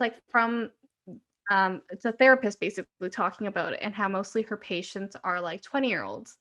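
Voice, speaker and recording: A woman's voice: mid-range voice, fairly bright tone. A woman in her twenties, co-hosting a podcast, telling rambling stories in casual chat with frequent "like". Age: 20s. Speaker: podcast co-host.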